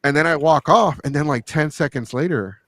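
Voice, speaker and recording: A man hosting a podcast, telling stories in a crude, joking, animated way and laughing often. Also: on the high side, a little fast, no echo. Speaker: podcast host. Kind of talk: casual storytelling chat.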